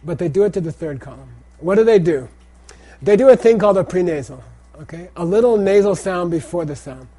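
Lecturing on Tibetan pronunciation and Buddhist texts, a middle-aged male teacher speaks a little fast in a high, warm voice with lively intonation. He repeats phrases and regularly checks in with students using "okay?"

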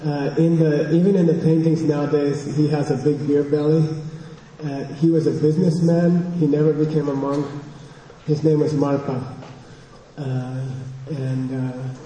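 A man teaching a meditation class to a group, talking in a relaxed, halting way with many fillers. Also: on the high side, slight background noise. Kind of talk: guided meditation and dharma talk. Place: large echoey hall with a group. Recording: distant voice in a reverberant hall.

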